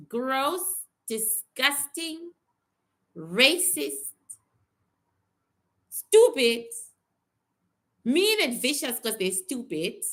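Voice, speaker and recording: A woman's voice: sits high, pushed and bright. A woman talking casually on a livestream as a psychic reader, answering viewers bluntly and with some swearing, often repeating herself.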